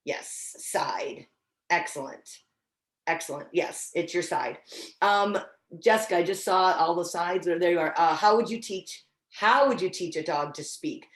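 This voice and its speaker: A woman's voice: on the low side, a little slow, roomy sound. A woman instructor teaching dog training in a casual, encouraging way, often restarting her sentences. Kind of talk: online training class.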